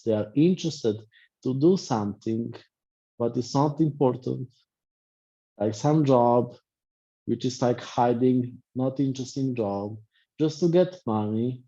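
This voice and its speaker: Mellow-voiced man coaching online. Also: mid-range voice. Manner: speaks in short reflective phrases, repeats himself. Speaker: life and business coach. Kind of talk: online coaching class talk. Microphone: video call. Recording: dull lo-fi video call audio.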